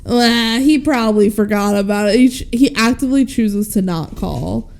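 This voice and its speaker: A woman co-hosting a podcast, casually recapping a movie and quoting its characters in lively voices. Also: on the high side, normal speed, gravelly. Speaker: podcast co-host. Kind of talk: casual film recap chat.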